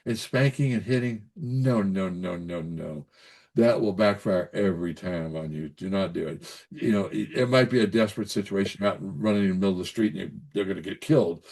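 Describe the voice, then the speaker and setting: A man's voice: sits low, normal speed, a little mellow. An older man, a pediatrician giving folksy, emphatic advice in a casual interview, often repeating himself and checking in with "okay?". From Kentucky. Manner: folksy, repetitive, emphatic with frequent "so anyways" and "okay?". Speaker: pediatrician guest.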